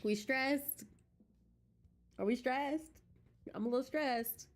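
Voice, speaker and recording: A woman's voice: high voice, slow pace, soft background music. A woman streaming a game from home, chatting casually with her viewers and laughing often, close to a desk mic. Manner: chatty, giggly, talks to chat.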